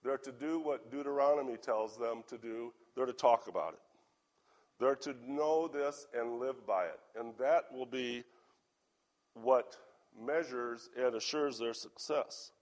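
A man with a hoarse voice preaching a sermon, reading scripture aloud and asking his listeners earnest questions. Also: mid-range voice, a little slow, a little mellow.

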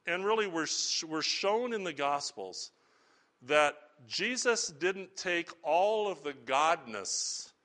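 In a fairly high, bright and forceful voice, a middle-aged man preaches as a pastor. His sermon is earnest and conversational, full of rhetorical questions to the congregation.

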